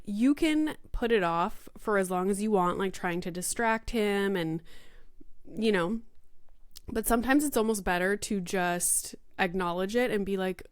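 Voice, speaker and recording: A young woman hosting a podcast, telling a story in casual chat full of "like" and "you know", quoting herself in lively voices. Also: medium pitch, dry recording, studio quality. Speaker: podcast host.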